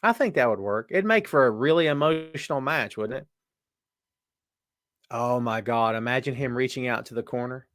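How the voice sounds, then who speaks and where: A man's voice: medium pitch, normal speed, noisy background. A man hosting a casual live show, chatting and joking as he reads viewer comments aloud. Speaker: podcast host. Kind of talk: casual live-stream chat.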